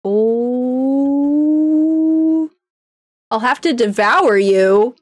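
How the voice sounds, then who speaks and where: A woman's voice: a little high, very slow, no room sound, studio quality. A woman voicing an edgy, cold young shark boy who talks in curt threats. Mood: cold menace.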